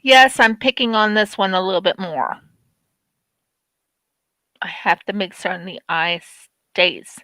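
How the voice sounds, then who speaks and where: A woman's voice: medium pitch, expressive, measured pace, pauses often, sharp tone, no echo, low-quality recording. A woman hosting a craft live stream, tearful and apologetic, talking through her work. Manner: emotional, apologetic, perfectionist. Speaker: craft channel host. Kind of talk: casual live-stream chat while crafting.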